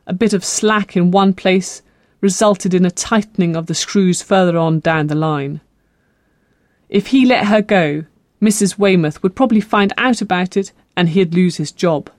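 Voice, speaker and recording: An audiobook narrator reading a novel in a measured, expressive way. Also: mid-range voice, no room sound, studio quality. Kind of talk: scripted narration.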